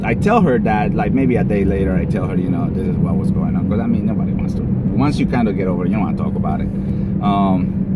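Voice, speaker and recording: A man casually telling a personal story outdoors, rambling and halting with many fillers and restarts. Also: fairly low pitch. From Colombia. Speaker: vlogger. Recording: loud street and car noise.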